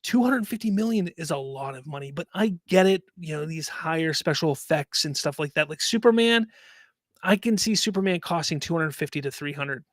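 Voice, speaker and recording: A man with a fairly high voice holds forth as host of his own casual commentary show. He rambles and circles back over the same points in an animated way, close on the mic. The sound is dry, with no room around him. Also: a little fast, no room sound. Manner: animated, rambling, repeats himself.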